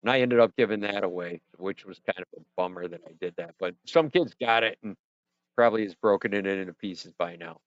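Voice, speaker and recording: A low-voiced man speaks briskly, on a dry recording, while hosting a casual livestream from his home studio. Rambling and self-deprecating, he jokes with chat and narrates to himself as he fiddles with settings; his headset or desk mic with headphones yields dull, muffled stream audio.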